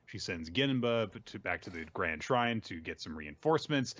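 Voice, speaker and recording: Low-voiced man recapping with a muffled sound. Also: expressive, fairly bright tone, no echo. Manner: recaps scenes with quick voiced quotes. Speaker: podcast host recapping manga. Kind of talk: casual chat.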